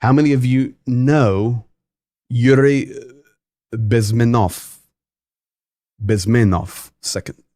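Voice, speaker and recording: Slow-talking man hosting a livestream. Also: mid-range voice, a little mellow, no room sound, studio quality. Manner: reads viewer comments aloud, chatty and emphatic. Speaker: livestream host. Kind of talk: casual livestream commentary.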